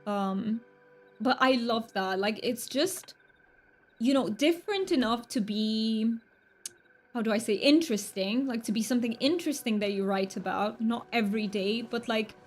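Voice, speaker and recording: A woman's voice: a little high, normal speed. A woman streamer chatting casually while she plays, rambling with fillers and restarts. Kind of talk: casual gaming stream chat.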